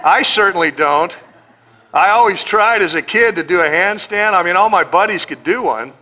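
A middle-aged man preaches with a high voice and a bright, forceful edge. He jokes freely and slips into the voices of the people he quotes. He talks to the congregation like an old friend. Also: normal speed. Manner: animated, joking, acts out quoted voices. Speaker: pastor. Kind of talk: sermon.

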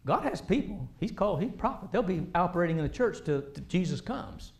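A man preaching a sermon, animated, swinging between loud emphasis and quiet asides. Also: high-pitched, a little fast, vocal fry, roomy sound.

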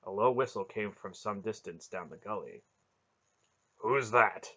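A man reading a fantasy novel aloud as an audiobook, in steady, plain narration. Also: lowish voice, normal speed, breathy edge, lo-fi sound. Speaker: audiobook reader.

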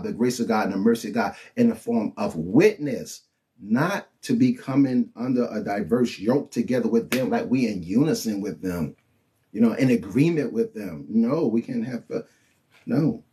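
A man's voice: medium pitch, moderate pace. A man preaching and teaching from the Bible in an informal, colloquial way, often checking in with his listeners. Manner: animated and colloquial, with frequent "you know what I'm saying" and "okay?".

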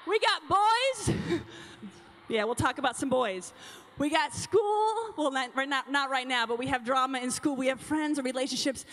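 A woman's voice: high-pitched, steady tone, brisk, a bit bright. A young adult woman speaking to a conference of teen girls in a bubbly, chatty way, calling out to the crowd. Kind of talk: energetic talk to teen girls. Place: large conference hall. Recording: long hall reverb.

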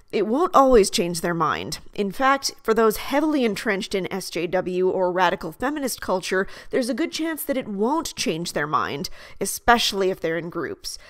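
Woman host, mid-pitched, steady and articulate, reads her script dry and close to the mic. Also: no echo. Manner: measured, articulate delivery. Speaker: video essay host. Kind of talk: scripted commentary.

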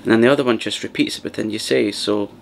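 A man hosting a soft-spoken ASMR chat, rambling and partly whispering as he talks. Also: on the low side, racing, creaky, a little hiss or hum. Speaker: ASMR channel host.

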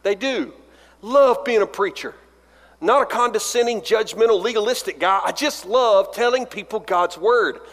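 The high, slightly bright voice of this forties-aged Alabama pastor moves at a normal speed as he acts out dialogue in comic, self-mocking sermon stories. The large chapel wraps it all in long reverb.

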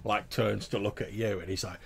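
Soft-spoken male game master. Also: flat delivery, a little fast, gravelly, husky. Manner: soft, low-key narration with many fillers. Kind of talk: narrating a tabletop game.

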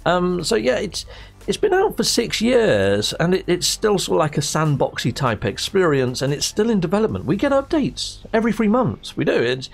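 A man's voice: sits high, huge pitch swings, normal speed, vocal fry. A man, a gaming YouTuber, chatting casually and rambling with many restarts. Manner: rambling, restarts mid-sentence. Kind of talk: casual chat.

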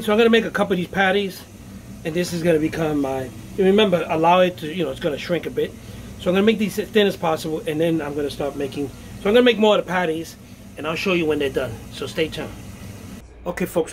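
A man's voice: a little high, slight background noise. A man hosting a home cooking video, chatting casually and thinking aloud as he works in his kitchen. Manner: chatty, thinks aloud, frequent okays and restarts.

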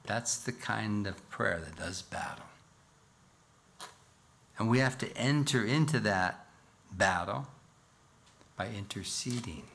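Slow, low-voiced male preacher. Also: vocal fry, a bit bright. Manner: earnest, rises to emphatic scripture reading, rhetorical questions. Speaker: pastor. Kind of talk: expository sermon. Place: church.

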